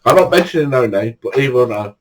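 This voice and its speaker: A man's voice: mid-range voice, lively intonation, fast talker, poor audio. An older man telling true stories in a chatty way, often breaking into laughter. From England. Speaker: storyteller. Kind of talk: casual anecdote telling.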